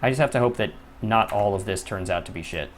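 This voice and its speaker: A gaming YouTuber with a lowish voice commentates his own gameplay at a quick pace, often frustrated, swearing, and muttering to himself. There's slight background noise.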